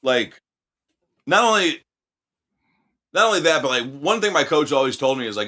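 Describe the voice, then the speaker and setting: Man, wrestler, casual chat, heavy swearing, bright tense voice. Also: a little high, very animated, moderate pace, pauses often. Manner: rambling, swears a lot, acts out quotes. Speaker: professional wrestler guest.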